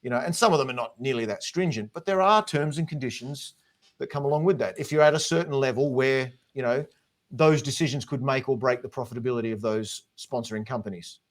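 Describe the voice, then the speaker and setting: A man's voice: mid-range voice, fast. A man with an Australian accent, a guest drummer giving earnest, encouraging advice in a casual chat. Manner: earnest, talks in long encouraging runs.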